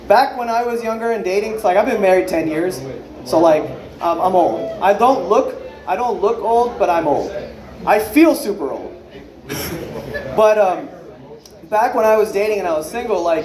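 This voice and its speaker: A man's voice: sits high, expressive, fairly quick, a little mellow. A man in his thirties doing an unrehearsed stand-up set, rambling loosely, swearing a lot and acting out other people's lines. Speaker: stand-up comedian. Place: comedy club stage with a live audience. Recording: echoey club room with crowd. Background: audience laughter.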